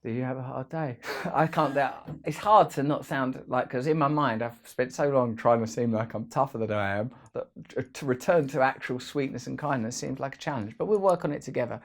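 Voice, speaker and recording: Gravelly voice, man, rambling vlog talk, playful asides, mid pitch. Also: brisk. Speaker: host. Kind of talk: casual vlog monologue.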